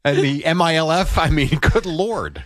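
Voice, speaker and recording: A man's voice: fairly high pitch, sing-song, normal speed, a bit bright, no room sound, studio quality. Skeptical, teasing male radio co-host. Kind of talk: casual radio banter. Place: radio studio.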